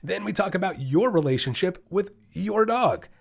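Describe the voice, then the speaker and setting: A man's voice: sits high, lively intonation, normal speed, vocal fry, slightly rough. A man hosting his own dog training podcast, talking solo in an emphatic, fired-up way that often slides into ranting.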